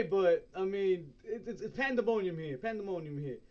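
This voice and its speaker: A man co-hosting a casual wrestling chat, animated and quick to laugh. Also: high voice, muffled recording. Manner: animated, laughs often, acts out quotes. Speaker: podcast co-host.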